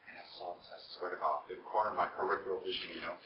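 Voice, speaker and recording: A man's voice: low voice, steady tone, very fast, very noisy. A man casually telling a rambling personal story, with chatty asides. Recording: distant, roomy, dull lo-fi.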